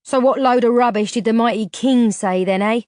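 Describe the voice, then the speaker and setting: A woman voicing a rough, blunt young countryman who talks in broad country dialect, in an audiobook. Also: on the high side, moderate pace, a little mellow, no echo, clean studio sound, lightly acted. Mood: scoffing. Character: rough rustic young man, blunt and scoffing.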